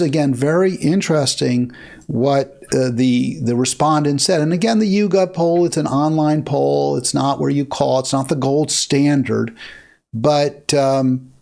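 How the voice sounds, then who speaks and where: A man's voice: medium pitch, creaky, a little mellow. A man hosting his own political talk show, giving opinionated commentary on polls with many fillers and restarts.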